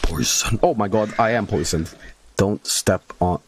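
A man's voice: lowish voice, a little slow, breathy edge. A man streaming a video game, chatting casually with jokes and swearing. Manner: joking, rambling, swearing.

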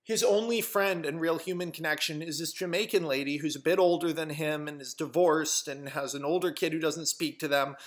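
A young man casually pitching a film plot to the camera, animated and full of fillers. His voice is gravelly and bright, sitting slightly high for a man. He swears freely as the story builds. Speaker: vlogger pitching a film idea.

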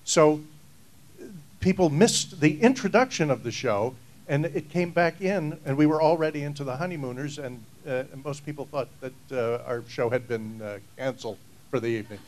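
A man recalling old stories on a convention panel in a dry, deadpan, unhurried way. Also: on the high side, low-quality recording. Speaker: actor panelist.

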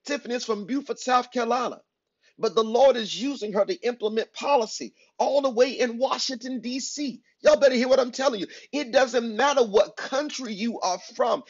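A male preacher with a high, husky voice delivers an emphatic sermon, repeating his points and calling out to the congregation. He swings between loud bursts and quiet asides. The sound is dull and lo-fi, like a church livestream. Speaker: pastor. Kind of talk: energetic sermon to an online congregation.

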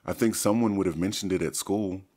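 A man's voice: low voice, steady tone, a little fast, darkish tone, pitched above the performer's own voice. A man doing a wisecracking teen boy. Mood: wry. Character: wisecracking teenage boy, reasonable skeptic.

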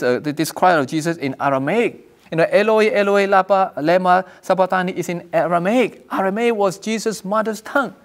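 A man preaching a sermon as pastor, earnest, repeating and restarting phrases, raising his voice for quoted cries. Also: high-pitched. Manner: raises voice when quoting cries from scripture.

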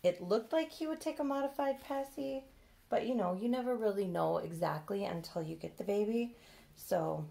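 A woman's voice: medium pitch, moderate pace, gravelly, mellow, slight background noise. A young adult woman chatting in a casual box-opening vlog, gushing and cooing over a new doll. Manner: gushing, coos and squeals. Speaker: vlogger.

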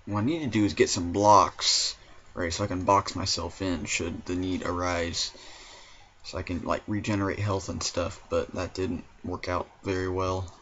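A man's voice: low voice, little pitch movement, normal speed, a bit bright, slight background noise. A man doing let's play commentary in an exasperated, whiny, complaining way, heard through a dull lo-fi mic. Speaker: gaming commentator.

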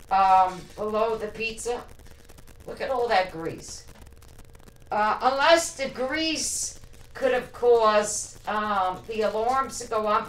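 A woman chats slowly and hesitantly, filling pauses with ums as she responds to viewers. Her voice sits a bit high. She is some distance from the mic in an echoing kitchen, with a faint hum behind her. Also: a bit bright. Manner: hesitant, many ums, reads and answers viewer comments. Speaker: vlogger. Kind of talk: casual livestream chat. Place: home kitchen.

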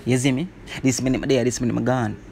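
Animated man reviewing songs. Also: medium pitch, quick pace, gravelly, a little hiss or hum. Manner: animated, peppers talk with "bro" and "you see me". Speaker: music reviewer. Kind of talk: casual song review.

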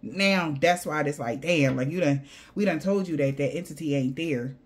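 A woman with a somewhat low voice reads tarot cards for her viewers in a loose, slangy way. She is blunt and swears freely. Her talk is lively and full of asides. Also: moderate pace. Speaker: tarot card reader. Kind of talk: casual spiritual tarot reading to viewers.

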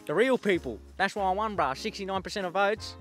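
In this comedy sketch, an Australian man with a high-pitched, lively, brisk and slightly bright voice portrays an eshay street lad turned prime minister. He's brash and young, all cocky slang and swagger, with soft music playing behind him.

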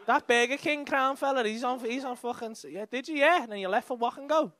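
Young man, Liverpool accent, high voice, stand-up crowd work, brash and sweary, mocking banter, club stage mic. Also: fast, fairly bright tone. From England. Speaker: stand-up comedian.

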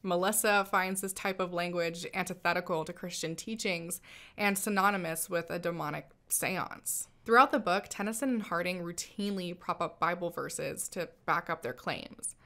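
A woman's voice: lowish voice, moderate pace, bright, forceful tone. A woman hosting a commentary channel, narrating a scripted critique in a wry, skeptical manner.

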